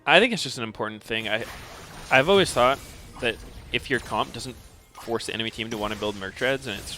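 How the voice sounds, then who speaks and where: A man giving casual, analytical commentary on an esports match at a watch party, explaining plays in a measured way. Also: mid-range voice, sharp tone, faint music behind. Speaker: stream co-caster.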